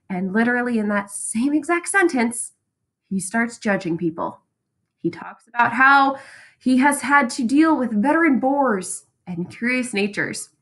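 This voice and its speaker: Bright, sassy woman teacher lecturing. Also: medium pitch. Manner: lively, sassy, conversational, checks in with "right?" and "okay?". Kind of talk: recorded classroom lecture.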